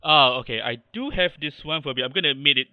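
A man's voice: on the high side, fast, no room sound, muffled recording. A man with a Malaysian English accent, a podcast guest chatting casually and rambling with many restarts. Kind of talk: casual interview chat.

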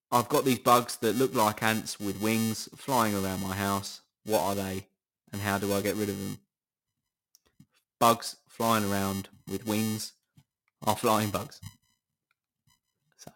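Sarcastic and incredulous, a middle-aged podcast host from Britain chats casually on his own show and swears a lot. He speaks with a fairly low pitch and a fairly bright tone.

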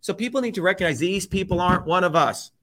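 A man's voice: high voice, expressive, quick pace, a bit bright. A middle-aged man, a guest, ranting about politics with constant swearing and hammering repetition. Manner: profane, emphatic, repetitive. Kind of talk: heated political rant.

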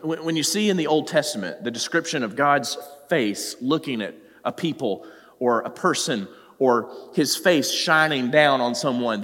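A pastor with a medium-pitched, slightly bright voice preaches earnestly, addressing his listeners directly and at times rising into pleading cries. A long hall reverb colours the recording.

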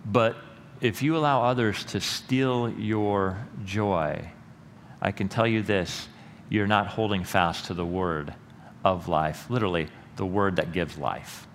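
A middle-aged male pastor preaching a sermon in a church, earnest and rising to loud emphatic peaks. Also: low-pitched, slow. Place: church sanctuary. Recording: long hall reverb with faint room noise.

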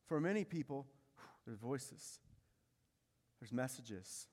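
A man's voice: medium pitch, expressive, slow, a little mellow. A man preaching a sermon as pastor, emphatic, repeating key phrases and asking the congregation rhetorical questions. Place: church sanctuary. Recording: long reverb of a large hall.

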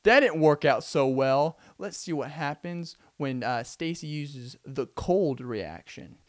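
A man's voice: a little high, expressive, slow, no room sound, studio quality. A man mimicking the narrator of a school anti-bullying video, in a hammy, presenter-like way. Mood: upbeat, presenting.

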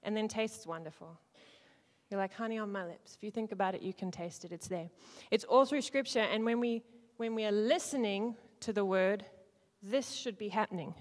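A woman leading an interactive teaching talk to a church group, playful, swinging between loud and hushed and acting out lines. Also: medium pitch, fairly quick, few pauses. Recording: long hall reverb.

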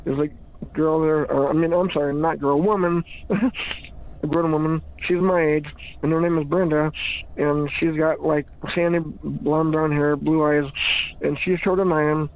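A man's voice: fairly high pitch, fairly even intonation, a little slow. A man chatting in a rambling, giggly way, often restarting his sentences and laughing. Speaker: podcast regular. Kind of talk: rambling casual chat. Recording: tinny phone-like sound.

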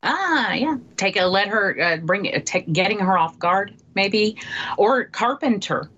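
A woman's voice: mid-range voice, expressive, unhurried, fairly bright tone, breathy edge. Hesitant woman on a muffled recording. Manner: hesitant, lots of ums and restarts, laughs easily. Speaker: podcast co-host. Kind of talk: casual film review chat. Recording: dull, muffled sound.

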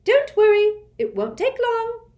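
A woman voicing a stiff, stern, thin female test administrator who gives sharp, clipped commands. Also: very high voice, very animated, unhurried, voice pushed up, heavily acted.

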